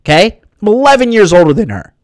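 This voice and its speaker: A man's voice: sits high, very animated, fast talker, no echo. A young man in his twenties ranting casually to his viewers, rambling with many restarts and swearing often. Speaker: vlogger. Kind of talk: casual profane rant to viewers.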